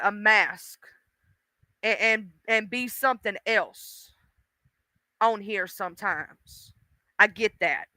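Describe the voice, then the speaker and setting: A woman chatting casually on a livestream, animated and outspoken, rambling from thought to thought. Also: mid-range voice, clear, resonant tone, no echo.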